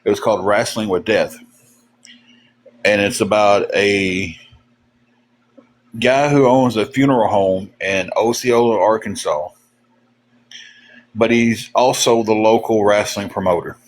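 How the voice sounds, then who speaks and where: A man's voice: on the low side, fairly even intonation, a little slow, pauses often, poor audio. A man, chatting casually to a livestream audience. He rambles in a folksy way, trailing off into fillers and restarting his sentences as he tells stories. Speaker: livestream host. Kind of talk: casual storytelling to live chat.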